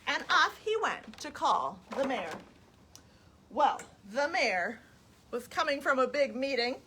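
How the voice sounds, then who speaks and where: A woman's voice: sits high, sing-song, takes it slowly, bright, forceful tone, slight background noise. A woman reading a children's story at a library storytime, inviting kids to sing along. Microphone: webcam on a live stream.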